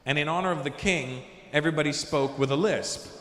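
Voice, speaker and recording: A man doing a stand-up comedy set, telling stories in a lively way and switching into quick voices for the people in them. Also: fairly high pitch, roomy sound, long reverb tail. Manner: animated storytelling with quick voice switches. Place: large comedy venue.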